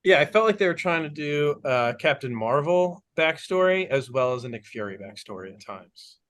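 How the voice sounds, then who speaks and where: A man's voice: a little high, animated, normal speed, fairly bright tone. A man in a casual podcast movie chat, enthusiastic, swearing freely and sometimes searching for names mid-sentence.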